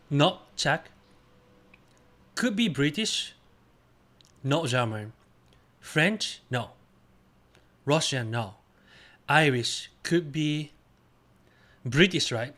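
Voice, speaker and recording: A man casually chats while streaming a guessing game, his speech halting and simple, with bursts of excited cheering. He speaks at a fairly high pitch.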